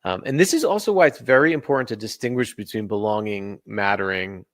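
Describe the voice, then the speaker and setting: A man speaking as a podcast guest in a slightly low voice. He explains earnestly and lays his points out in order. The sound is dry and close, with almost no room. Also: brisk, fairly bright tone, dry recording. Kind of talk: podcast interview.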